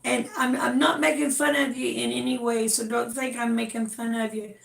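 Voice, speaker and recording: Southern woman, chatty drawl, gravel in her voice, echoey room, casual livestream host. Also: on the high side, level tone, normal speed. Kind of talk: casual chat.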